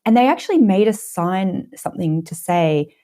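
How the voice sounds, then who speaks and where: Australian woman, 30s, storytelling guest, mellow voice, acts out voices. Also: mid-range voice, moderate pace. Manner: animated, acts out quotes. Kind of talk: casual storytelling.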